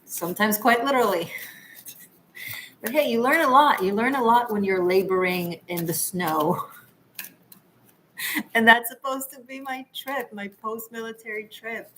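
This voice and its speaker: A woman's voice: on the high side, measured pace, long pauses, a bit bright, a little hiss or hum, rough recording. A woman from Israel hosting a tarot livestream, chatting casually with viewers in a rambling, laughing way. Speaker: tarot reader and livestream host.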